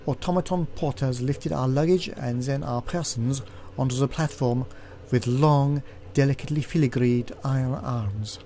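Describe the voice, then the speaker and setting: A man's voice: mid-range voice, a little slow, slight background noise. Man reading a text adventure aloud. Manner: expressive reading with asides. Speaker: let's play host.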